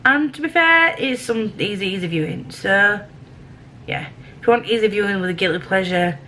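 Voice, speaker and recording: A woman's voice: mid-range voice, animated, normal speed, bright, forceful tone, slight background noise, rough recording. A young woman vlogging, chatting casually and rambling with restarts and asides. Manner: chatty, rambling, self-interrupting. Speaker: book vlogger. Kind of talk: casual chat to camera.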